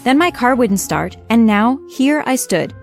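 A woman narrating a scripted first-person story in a wry, lively way. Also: a little high, a little slow, soft background music.

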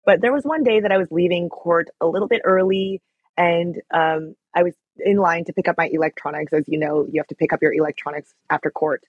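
A woman's voice: on the low side, fairly quick, slightly rough, dry recording, phone-quality sound. A young woman telling a story as an interview guest, chatty and full of fillers. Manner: chatty, lots of fillers and likes. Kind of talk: casual storytelling.

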